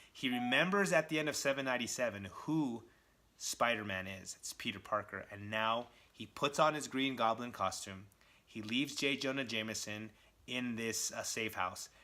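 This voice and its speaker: Excitable man with a bright voice. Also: mid-range voice. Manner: excitable, chatty retelling full of "like". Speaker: comic book reviewer. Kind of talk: casual comic recap vlog.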